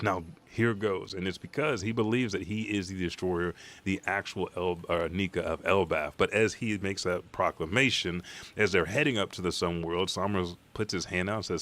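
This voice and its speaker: A man hosting a live comic reaction stream, talking in a rambling, profane, excitable way. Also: low-pitched, normal speed.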